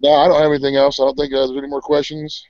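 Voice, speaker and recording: A man's voice: medium pitch, completely flat delivery, rapid-fire, darkish tone, dry recording, lo-fi sound. A man co-hosting a homestead live show in casual, laid-back chat.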